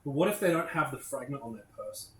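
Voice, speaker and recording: A woman's voice: a bass voice, expressive, fast, slight background noise. A woman playing a tabletop game, jokey and laughing between lines. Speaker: player. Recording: roomy echo with voices around.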